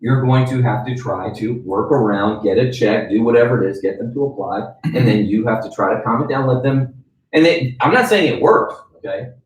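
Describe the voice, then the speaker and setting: A man's voice: medium pitch, moderate pace. Man teaching in an echoey room. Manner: conversational, checks in with "right?" and "okay?". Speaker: sales trainer. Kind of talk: training lecture. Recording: roomy echo, mic at a distance.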